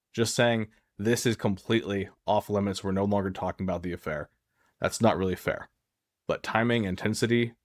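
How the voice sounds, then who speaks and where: A man's voice: lowish voice, dry recording, studio quality. A man talking as a relationship recovery coach, giving firm, earnest advice in a direct, emphatic way. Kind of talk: direct-to-camera advice talk.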